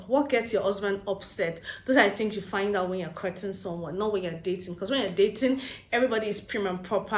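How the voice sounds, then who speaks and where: A woman giving casual relationship advice in a vlog, telling stories in an animated way and slipping into pidgin phrases. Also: medium pitch. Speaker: Christian relationship vlogger. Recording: roomy echo.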